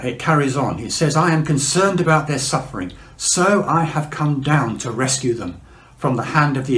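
Man, mid-pitched preacher, unhurried sermon delivery, reverberant hall sound. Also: a bit bright. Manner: measured, slows for emphasis, frequent fillers. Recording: echoey room.

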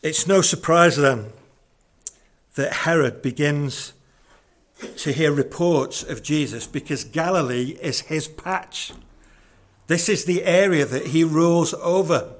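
A man's voice: a little high, slow. A man preaching a sermon in a conversational, earnest way, often repeating words as he goes.

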